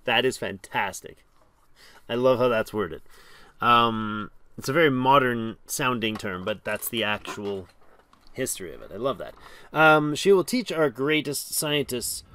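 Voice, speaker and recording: A man giving casual, chatty commentary while playing a strategy game, reading the game's text aloud and reacting with animated exclamations. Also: mid-range voice, dry recording. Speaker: game streamer.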